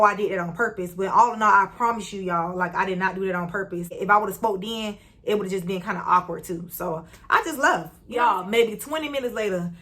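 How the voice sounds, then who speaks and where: A young woman vlogger telling a personal story in a chatty, slangy way, speaking straight to her viewers and jumping up in pitch when she acts out greetings. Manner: lively, jumps high when retelling greetings. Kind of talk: casual storytime.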